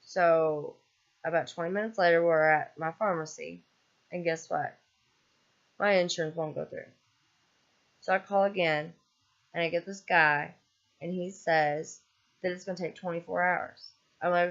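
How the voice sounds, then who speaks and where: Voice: medium pitch, steady tone, a little slow, a bit bright, muffled recording. A vlogger ranting in a casual, exasperated way, rambling with lots of ums and swearing freely. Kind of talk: casual vlog rant.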